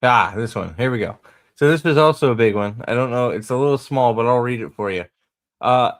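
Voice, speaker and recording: A man's voice: mid-range voice, a little fast. A man hosting a casual livestream, rambling, swearing and mocking as he reads comments and talks to chat. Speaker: host.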